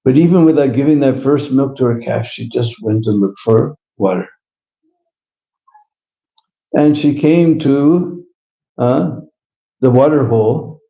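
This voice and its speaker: A devotional speaker tells a story in a chatty way, his medium-pitched voice creaky and measured, with long pauses. He chuckles and throws in questioning "hmm?" asides, and the live recording sounds roomy and slightly dull.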